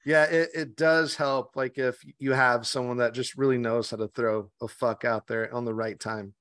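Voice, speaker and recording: A man talks in an easygoing, conversational way as a podcast guest. He speaks at a medium pitch, swears freely and often stumbles and restarts mid-sentence. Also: steady tone, moderate pace, fairly bright tone. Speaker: meditation guide guest. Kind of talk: casual interview chat.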